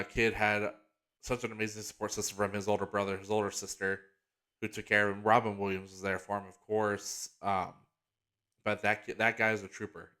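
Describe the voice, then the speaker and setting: A man's voice: lowish voice, fairly bright tone, clear, resonant tone. Rambling, enthusiastic male podcast host. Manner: rambling, enthusiastic, heavy use of "like" and restarts; gets emotional and earnest about a heartfelt topic. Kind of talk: casual solo podcast chat.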